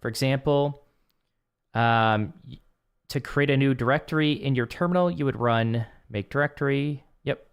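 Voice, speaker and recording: A young man with a mid-range voice talks his way through a coding lesson on a live stream. He reads instructions aloud in a casual, conversational way and drops quick offhand reactions in between. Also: medium pitch, clear, resonant tone.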